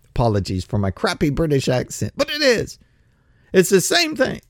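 A man's voice: on the high side, wildly swooping pitch, normal speed, no echo, studio quality. A man delivering a sarcastic, mocking opinion monologue as a political commentator.

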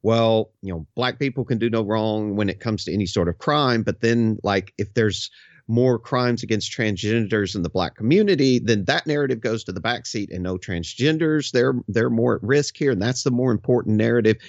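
Low-voiced man on dull lo-fi audio. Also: moderate pace, no echo. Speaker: co-host. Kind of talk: opinionated commentary chat.

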